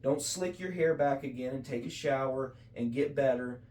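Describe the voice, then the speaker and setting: A man talks faith on a casual podcast in an earnest, preachy way, often restarting his sentences. His voice sits at an everyday pitch and carries the echo of a roomy space, picked up from a little way off the mic. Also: normal speed, a little mellow, distant mic. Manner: earnest, preachy, full of self-corrections. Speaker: podcast co-host.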